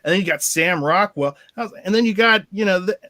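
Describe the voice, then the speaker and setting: A man hosting a casual movie discussion, excitable, laughing often and acting out quotes. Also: sits high, fast, no room sound. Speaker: podcast host.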